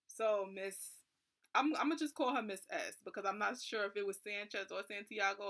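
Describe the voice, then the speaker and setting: A young woman tells a story in a casual vlog with a bright, clear voice. She sounds a little nervous and fills her sentences with "like." She talks at a relaxed, chatty pace. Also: mid-range voice. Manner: nervous, constantly saying "like". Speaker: vlogger.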